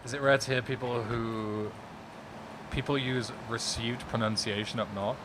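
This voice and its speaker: A man's voice: mid-range voice, fairly even intonation, normal speed. A young man, chatting casually with viewers while streaming a video game, laid-back with dry asides. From England. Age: young adult. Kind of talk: casual live-stream chat, reading and answering viewers. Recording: game noise in the background. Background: video game sounds.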